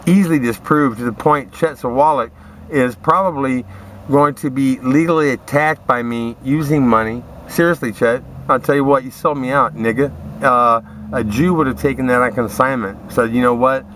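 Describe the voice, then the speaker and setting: A man's voice: medium pitch, moderate pace, fairly bright tone, a little hiss or hum. A man in a profane, rambling, aggrieved rant, talking straight at his listeners. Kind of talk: ranting monologue to camera.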